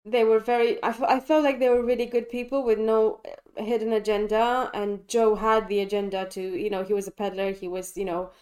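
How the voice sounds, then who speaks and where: A podcast co-host, a woman, talks through a film she has just seen with bright enthusiasm. Her voice sits in an ordinary middle pitch, and she often breaks off and restarts her sentences as her thoughts tumble out. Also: brisk, few pauses. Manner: animated, enthusiastic, frequent restarts. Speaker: podcast co-host reviewing films. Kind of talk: casual film discussion. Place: London.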